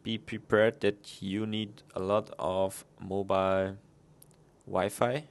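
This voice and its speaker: Slow, gravelly-voiced man co-hosting a podcast. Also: fairly low pitch, level tone. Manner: chatty, laughs off technical trouble. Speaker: podcast co-host. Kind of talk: casual podcast chat. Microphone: online call setup.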